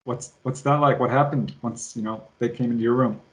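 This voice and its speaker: A man's voice: mid-range voice, steady tone, a little fast, rough recording. A man hosting an interview, summing up the guest's story and steering it with questions. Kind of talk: conversational interview.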